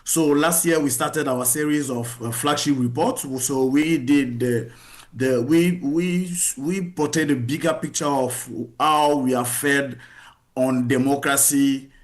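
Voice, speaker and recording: A man being interviewed on radio as a research guest, speaking haltingly and repeating words as he restarts. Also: mid-range voice.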